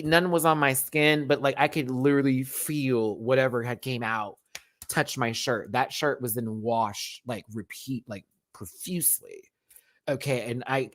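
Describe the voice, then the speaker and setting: A man hosting a live-stream review, chatting casually and swinging from loud outbursts to muttered asides. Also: mid-range voice. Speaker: YouTube reality TV reviewer.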